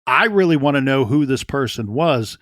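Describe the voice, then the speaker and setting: A man's voice: medium pitch, lively intonation, normal speed, a bit bright, no echo, studio quality. A man co-hosting a true crime podcast, talking through a case in an earnest way and often repeating words as he thinks aloud. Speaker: podcast co-host.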